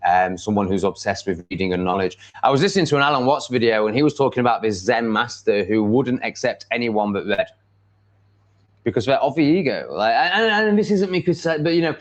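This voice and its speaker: Fairly quick and expressive, this English-accented man with a medium-pitched voice hosts a casual stream. His talk is rambling, blunt and self-assured, peppered with ums and likes, captured in dull lo-fi audio.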